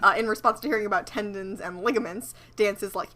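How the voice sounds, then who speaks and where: A woman co-hosting a casual podcast chat, sarcastic and quick to swear and laugh. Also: medium pitch, pushed and bright. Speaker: podcast co-host.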